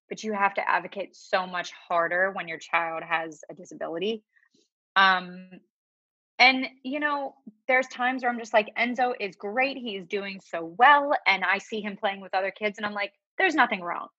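A woman guest on a podcast talking about her family, halting and tearful, with many fillers and restarts. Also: fairly low pitch, bright, forceful tone, dry recording, muffled recording. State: crying at times. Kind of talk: emotional personal conversation.

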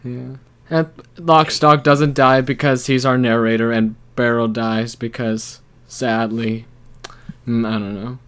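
A man's voice: mid-range voice, level tone, takes it slowly, fairly bright tone, smooth. A young man co-hosting a casual chat, rambling through a musical's plot and laughing often. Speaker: podcast co-host.

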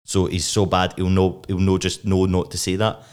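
A young man co-hosting a casual podcast chat, rambling and excitable, full of restarts. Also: low-pitched, normal speed, smooth. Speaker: podcast co-host. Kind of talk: casual chat reviewing a TV episode.

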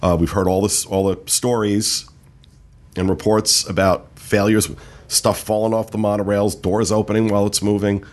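A man hosting a casual podcast, reading out park news in a relaxed way with many fillers. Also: fairly low pitch, normal speed. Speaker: podcast host. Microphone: studio mic.

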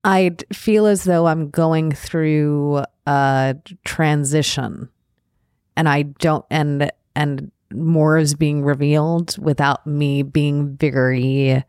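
A woman's voice: low-pitched, steady tone, slow, a little mellow, clear, resonant tone, dry recording, clean studio sound. A woman hosting a podcast, speaking in a supportive, thoughtful way with hesitant phrasing. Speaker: podcast host, actress and director. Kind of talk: casual interview chat.

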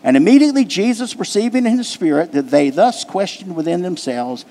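A man's voice: sits high, expressive, brisk, mellow, long reverb tail. A man preaching a sermon to his congregation, pressing his points with repetition and questions put to the room. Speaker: pastor. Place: church sanctuary.

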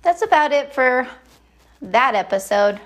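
Chatty, rambling woman, slightly high voice. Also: expressive, unhurried, fairly bright tone, a little hiss or hum. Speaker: podcast host. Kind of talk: casual monologue.

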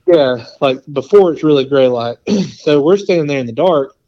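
A man telling a long story in a casual chat, rambling and animated, with lots of "like" and quoted asides. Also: on the high side, normal speed, lo-fi sound. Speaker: podcast guest.

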